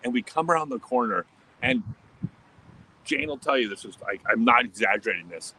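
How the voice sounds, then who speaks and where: Animated laughing American man storyteller. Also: mid-range voice, a little hiss or hum, poor audio. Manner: animated, laughing, restarts and quick asides. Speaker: livestream host. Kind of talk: casual storytelling and answering chat. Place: home in Australia, livestream.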